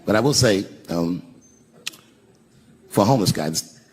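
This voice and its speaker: A male stand-up comedian telling a story on stage, dropping to a hush and then shouting the punchlines. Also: deep voice, lively intonation, normal speed. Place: large theater stage with an audience. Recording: reverberant venue sound with crowd noise. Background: audience laughter.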